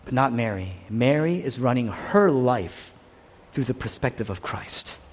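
A man's voice: mid-range voice, animated, unhurried, slight background noise. Man preaching in an echoing hall. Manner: emphatic repetition, dropping to hushed, near-whispered lines. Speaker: pastor. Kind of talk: sermon. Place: church hall. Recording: long reverb of a large hall.

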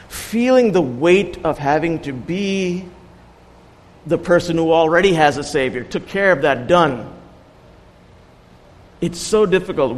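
Guest preacher, male, earnest and anecdotal, slightly high voice, long hall reverb, faint ambience. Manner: earnest, anecdotal storytelling with light humor. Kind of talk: sermon.

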